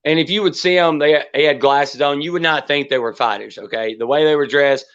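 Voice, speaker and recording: A man's voice: fairly high pitch, a little fast, fairly bright tone, clear, resonant tone. Rambling, profane man on a livestream. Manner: rambling, profane, restarts often. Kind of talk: casual livestream chat. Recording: dull lo-fi stream audio.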